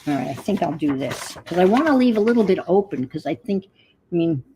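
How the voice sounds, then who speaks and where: A woman's voice: on the low side, very animated, a little fast, warm tone, a little hiss or hum, rough recording. An older woman hosting a crafting livestream, chatting casually and muttering to herself as she works. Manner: talks to herself while working, muttering asides.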